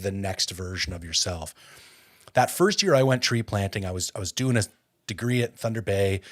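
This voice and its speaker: A man from Canada hosting a podcast, telling a personal story in a casual, animated way and getting fired up, with many filler words. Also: fairly low pitch. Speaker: podcast host.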